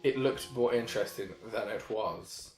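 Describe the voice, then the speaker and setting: A man's voice: lowish voice, normal speed, a little mellow. A man giving jokey, casual commentary over a video game he is playing, swearing and putting on silly voices. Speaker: let's play commentator. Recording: roomy home recording with game music.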